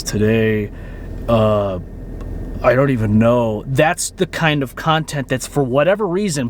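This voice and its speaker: A man's voice: high voice, a little hiss or hum. A man in his thirties, a YouTube creator and podcaster, talking candidly to the camera in an earnest, rambling way, often repeating phrases for emphasis.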